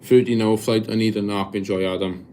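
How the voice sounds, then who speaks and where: Halting, low-voiced man chatting live. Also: steady tone, mellow, a little hiss or hum. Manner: halting, many restarts while searching for words. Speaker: livestreamer reading chat. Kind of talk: casual live chat. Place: abroad in Poland.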